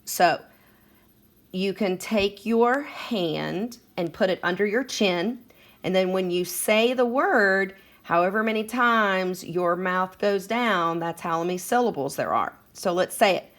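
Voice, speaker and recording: A woman teaching a second grade phonics lesson, patient and encouraging as she sounds out words for children. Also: medium pitch.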